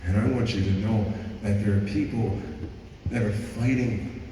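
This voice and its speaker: A man's voice: on the low side, fairly even intonation, measured pace, dark tone, a little hiss or hum. A man giving a school assembly talk, telling stories earnestly and repeating phrases for effect, recorded from afar in a large school gym. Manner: earnest, repetitive storytelling. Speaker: motivational speaker. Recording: echoey gym heard from far off.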